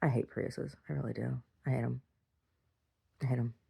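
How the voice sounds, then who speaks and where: A low-pitched middle-aged woman keeps a casual video diary. She talks bluntly, swears freely and drifts from one rant into the next. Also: steady tone, moderate pace, creaky, dark tone, breathy edge. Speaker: video diarist. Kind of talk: casual rambling monologue.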